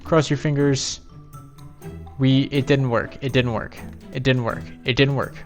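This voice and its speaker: A man's voice: medium pitch, fairly even intonation, measured pace, faint music behind. Exasperated man doing game commentary. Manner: exasperated, self-mocking rambling. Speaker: video game let's-play host. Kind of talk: casual gameplay commentary.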